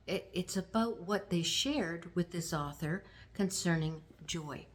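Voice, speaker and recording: Slow-spoken Canadian woman in her sixties. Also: on the low side. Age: 60s. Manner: gentle, unhurried, with fillers. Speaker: vlog host. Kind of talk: casual talk to camera.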